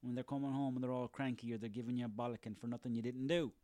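An Irish man in his thirties rants for laughs, swearing freely and rambling from gripe to gripe with a sarcastic edge. His voice sits at an ordinary middle pitch, and the recording is close and dry with no room sound. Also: steady tone, very fast, dark tone, no echo. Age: 30s. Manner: profane, sarcastic, ranting, rambling. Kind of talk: comic rant monologue.

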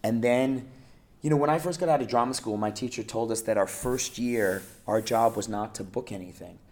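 A man, an acting coach giving casual, animated advice in an interview, often checking in with "right?" and "you know". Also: mid-range voice, normal speed.

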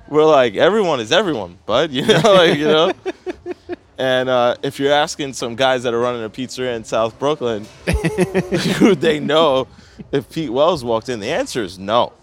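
A man's voice: medium pitch, a little hiss or hum. A young man, a pizzeria owner telling a story in casual chat, profane and often laughing.

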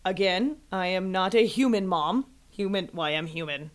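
A woman with a Minnesota accent, co-hosting a casual podcast in a playful, giggly, expressive way. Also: lowish voice, moderate pace. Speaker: podcast co-host. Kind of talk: casual chat.

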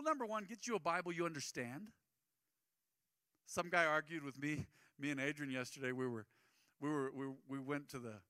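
A man's voice: on the high side, sharp tone, no room sound, studio quality. A man preaching a sermon as pastor, conversational and acting out the people he quotes.

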